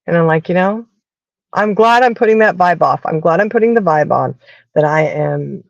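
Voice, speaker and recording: Chatty Southern woman, gravelly voice. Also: lowish voice, normal speed, no echo, dull audio. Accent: Southern American. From American South. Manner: chatty storyteller, acts out quoted voices. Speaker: podcast host. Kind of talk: casual chat.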